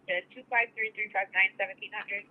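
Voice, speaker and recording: A woman's voice: mid-range voice, fairly even intonation. A woman working as a tech support agent on a call, chatty and loose with filler words. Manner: quick, chatty, full of "like" and "I mean". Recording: dull lo-fi phone line.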